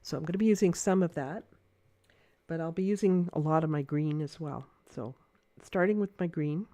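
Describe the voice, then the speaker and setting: Mellow-voiced woman teaching watercolor. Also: low-pitched, normal speed, no room sound. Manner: chatty, thinking aloud, hesitant with many fillers; gentle, encouraging teacher. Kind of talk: casual painting demonstration livestream.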